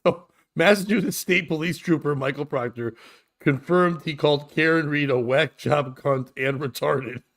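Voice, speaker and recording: A man's voice: a little high, moderate pace, fairly bright tone. Male podcast host, 30s, casual and rambling, crude humor. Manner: rambling, jokey, swearing, often laughing. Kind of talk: casual comedy chat.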